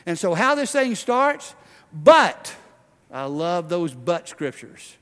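A male pastor delivers an impassioned sermon, his slightly high voice rising to loud, driving declarations and then dropping to hushed, intimate passages. The sound rings with the long reverb of a church hall. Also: very animated, slow pace.

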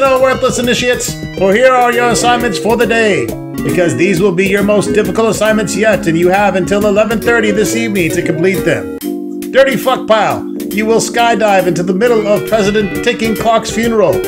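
A man's voice: high-pitched, normal speed, over loud music, pitched above the performer's own voice, close to an everyday voice. A man voicing a bullying male fraternity pledge master from a text adventure game who bellows insults theatrically. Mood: bellowing.

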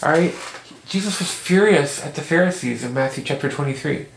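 Gravelly man giving a casual Bible talk. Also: fairly high pitch, fairly quick. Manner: earnest, conversational. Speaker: online Bible teacher. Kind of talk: casual Bible teaching video. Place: at home, indoors. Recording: echoey room with faint noise.

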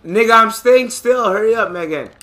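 A man casually commentating his gameplay, excitable and joking, with loud profane outbursts. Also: high-pitched, normal speed. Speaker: gamer and channel host.

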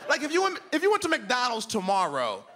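Animated man telling a stand-up story. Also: very high-pitched, a little fast, some chatter behind. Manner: animated storytelling, acts out both sides of an argument. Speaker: stand-up comedian. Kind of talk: stand-up routine. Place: comedy club stage.

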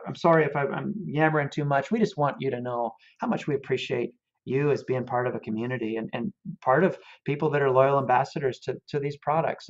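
A man, a guest in a casual interview, telling a story in an animated, earnest way. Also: medium pitch. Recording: dull lo-fi audio.

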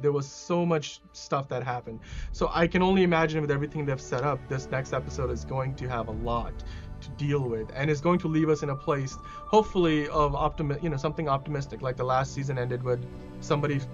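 A man hosting a podcast, reviewing a TV episode in a casual, excitable way that rambles with lots of fillers and restarts. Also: a little high. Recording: dull lo-fi podcast audio.

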